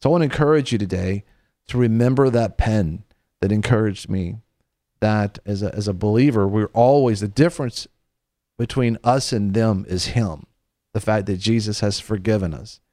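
Middle-aged male host preaching on a faith talk show, lowish voice, earnest and chatty, dry close mic. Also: normal speed, mellow, no echo. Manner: earnest, conversational, with repeated restarts.

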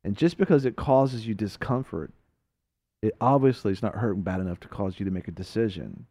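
A man's voice: fairly low pitch, lively intonation, a little fast, dark tone, no room sound. A man hosting a radio talk show, telling a story with laughs and acted-out quotes, then drawing a faith lesson from it.

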